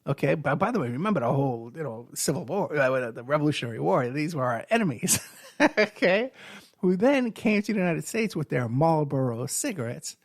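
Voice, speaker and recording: A man's voice: fairly high pitch, sing-song, fairly quick, no room sound, studio quality. A middle-aged man, hosting a radio show and telling rambling stories with lots of fillers and restarts. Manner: storytelling with many fillers and restarts. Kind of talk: rambling monologue.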